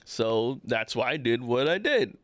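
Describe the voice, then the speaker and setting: A man's voice: mid-range voice, expressive, unhurried, fairly bright tone, no echo. A man co-hosting a podcast, telling an anecdote in casual chat and acting out the people in it. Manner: acts out the people in his stories. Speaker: podcast co-host.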